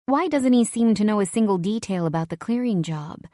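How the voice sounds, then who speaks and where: A woman narrating a first-person romance audiobook in a wry, conversational, expressive way. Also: medium pitch, brisk, dry recording, clean studio sound.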